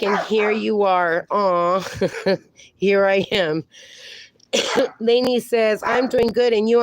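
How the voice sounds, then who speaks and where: Middle-aged woman, livestream host, unhurried chatty delivery, sweet dog baby-talk, mid-pitched voice. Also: creaky, noisy background. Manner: chatty, reads viewer comments aloud, baby-talks to her dogs. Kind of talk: casual livestream chat.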